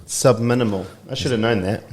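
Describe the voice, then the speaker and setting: A man hosting a casual podcast interview, chatty and quick to laugh. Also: mid-range voice. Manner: relaxed, chatty, laughs easily. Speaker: podcast host.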